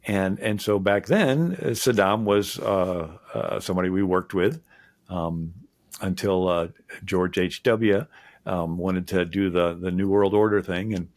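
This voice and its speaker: A historian guest talking in an interview, rambling with many fillers and restarts. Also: male voice, sits low, measured pace, darkish tone, dry recording, clean studio sound. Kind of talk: conversational interview.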